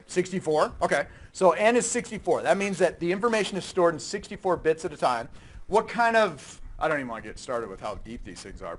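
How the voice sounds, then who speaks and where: A man giving a classroom lecture, lively and chatty, often checking in with his students and quizzing them. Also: a little high. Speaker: university lecturer.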